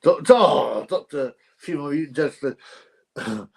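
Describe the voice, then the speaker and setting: A man's voice: fairly high pitch, expressive, moderate pace, creaky, slightly rough. A man hosting a casual livestream, reading out viewer comments in a chatty, rambling way and laughing often. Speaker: livestream host.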